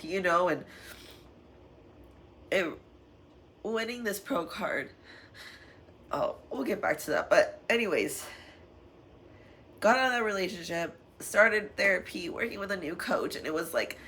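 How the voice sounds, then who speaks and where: A woman's voice: lowish voice, lively intonation, measured pace, long pauses, fairly bright tone. Young woman, candid vlog voice, rambling and emotional, faint noise behind. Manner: emotional, tearful at times, laughing through it; rambling with frequent fillers. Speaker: vlogger.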